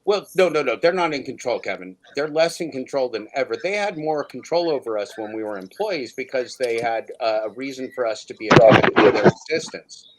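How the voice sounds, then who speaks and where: A man's voice: mid-range voice, expressive, a little fast, few pauses, noisy background. A man hosting a livestream chat, ranting emphatically and repeating his listener's name for effect. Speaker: livestream host. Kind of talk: casual chat.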